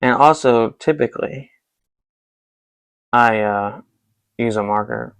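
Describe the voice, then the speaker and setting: Young guy rambling and cursing while he paints, casual chat, mid-pitched voice. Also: slow pace, long pauses, fairly bright tone, clear, resonant tone, dry recording. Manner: rambling, loose and profane. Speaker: painter hosting a painting vlog.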